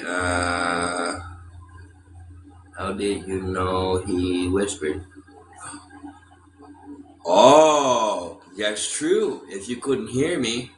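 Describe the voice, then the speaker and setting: A man from Texas chatting casually on a livestream, gruff and profane, teasing his viewers and talking to his cat. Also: medium pitch. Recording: echoey room with loud ambient noise.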